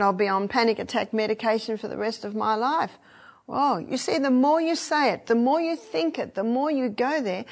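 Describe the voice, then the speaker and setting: A woman's voice: on the high side, breathy edge. An older woman giving a teaching talk, telling anecdotes from her retreat, acting out the people she quotes and laughing often. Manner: acts out quoted voices, laughs often, lively storytelling. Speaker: retreat speaker.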